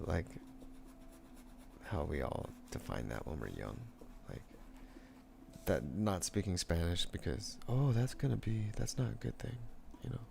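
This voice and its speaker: A man's voice: fairly low pitch, vocal fry, a little hiss or hum. A young man rambling casually while painting on a live stream, laid-back, swearing often and laughing a lot.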